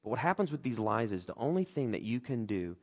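A man preaching a sermon as a pastor, earnest and open about his feelings, his delivery swinging between loud urgency and soft reflection. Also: mid-range voice, big pitch swings, fast.

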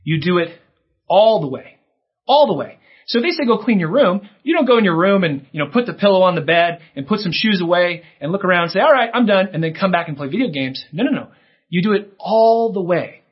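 Animated husky-voiced man preaching to kids. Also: fairly quick. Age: adult. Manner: animated, acts out kids' lines in a higher voice. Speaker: pastor. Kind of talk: sermon to children. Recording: dull lo-fi recording.

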